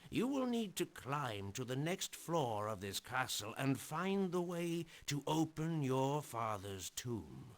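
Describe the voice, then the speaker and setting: An actor playing a solemn male mage in an adventure game, giving slow, grave instructions to a young knight. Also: medium pitch, big pitch swings. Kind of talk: 1990s adventure game voice acting.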